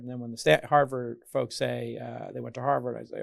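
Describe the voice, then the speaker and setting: A man's voice: medium pitch, fairly even intonation, brisk, gravelly, few pauses, no room sound, clean studio sound. A man hosting an interview podcast, teasing his guest and joking around in a casual chat. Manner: teasing, jokey, acts out mock voices of others. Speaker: podcast host.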